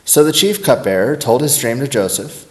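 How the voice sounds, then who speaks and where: A man reading scripture aloud at a steady, unhurried pace. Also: medium pitch. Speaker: scripture reader.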